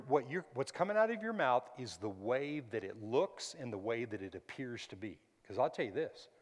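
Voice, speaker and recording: Fiery preaching pastor in a hall. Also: male voice, mid-range voice. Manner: preaching with call-and-response and sudden loud emphatic peaks. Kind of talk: sermon.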